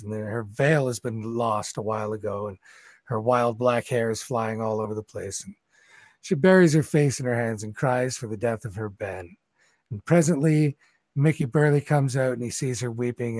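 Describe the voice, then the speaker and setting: A man's voice: medium pitch, a little mellow, no room sound. Game master, man, rambling storyteller, dry close sound. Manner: rambling, conversational. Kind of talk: narrating a tabletop game.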